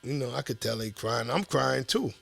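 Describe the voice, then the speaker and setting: Gravelly new york guy, bright tone, animated story, cusses a lot. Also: mid-range voice, normal speed, faint music behind. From Southside Jamaica Queens, New York. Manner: animated, profane, acts out quoted voices. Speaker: podcast guest. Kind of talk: casual storytelling.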